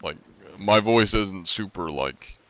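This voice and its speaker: Low monotone raspy man, muffled. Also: takes it slowly. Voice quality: raspy-ish, not smooth. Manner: monotone, heavy on filler words. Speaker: streamer. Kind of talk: casual live-stream chat.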